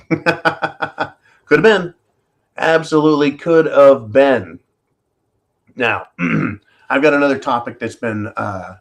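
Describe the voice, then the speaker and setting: A man hosting a live stream, ranting through rhetorical questions and calling his viewers folks. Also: mid-range voice. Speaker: host of a live political commentary stream. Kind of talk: live-stream commentary monologue.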